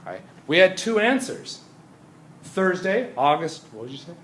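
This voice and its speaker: A man's voice: high voice, sing-song, unhurried, fairly bright tone, slight background noise. A man teaching a chemistry class in a conversational lecture, often checking in with his students. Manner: conversational, often asks "Right?".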